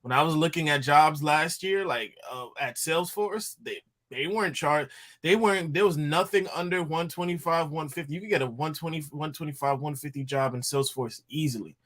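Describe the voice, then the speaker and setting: A man's voice: on the high side, a little fast, fairly bright tone. A man on a live audio panel, speaking earnestly in support of a friend. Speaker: panel guest. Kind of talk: casual live audio chat.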